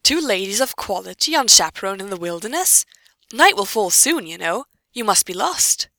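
A gallant medieval knight in a storybook reading, courtly and concerned, voiced by a woman in her own bright, gravelly voice. The recording is dry and close. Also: mid-range voice, very animated, normal speed, dry recording.

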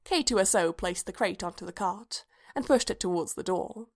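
A woman narrates a story aloud in a measured, even-paced reading. Her voice sits at a typical middle pitch for a woman. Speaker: reader.

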